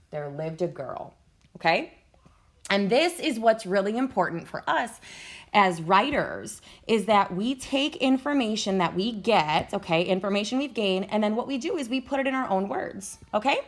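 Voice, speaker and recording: A woman's voice: mid-range voice, a bit bright. A woman teacher giving a recorded online lesson, explaining each step patiently and checking in with her students again and again. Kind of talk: recorded e-learning lesson over a screen walkthrough.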